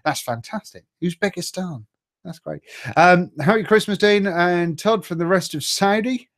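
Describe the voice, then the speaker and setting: A man's voice: high voice, normal speed, fairly bright tone. A middle-aged man hosts a casual live stream, reading out viewer greetings in a chatty, jokey way and stumbling over names.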